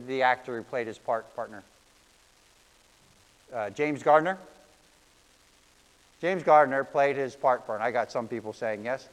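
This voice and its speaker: A man's voice: medium pitch, a bit bright, smooth, in a large hall, low-quality recording. A man preaching a sermon, earnest and storytelling, with self-deprecating asides. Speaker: pastor.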